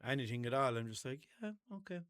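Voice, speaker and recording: A man's voice: mid-range voice, expressive, quick pace, clean tone, dry recording, clean studio sound. A man hosting a podcast, telling rambling stories in casual chat and acting out both sides of his arguments. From Ireland. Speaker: podcast host. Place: indoor room.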